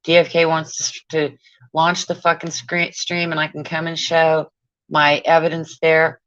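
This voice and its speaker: A woman's voice: deep voice, monotone, normal speed, fairly bright tone, dry recording. A woman on a casual livestream, profane and exasperated, muttering to herself as she goes. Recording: dull lo-fi sound.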